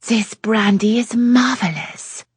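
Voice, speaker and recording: Worldly flirt with a French lilt, read by a woman narrator, breathy and close-miked. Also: dry recording, exaggerated voice. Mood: teasing. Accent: put-on French. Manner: playful, drawn-out, high and lilting.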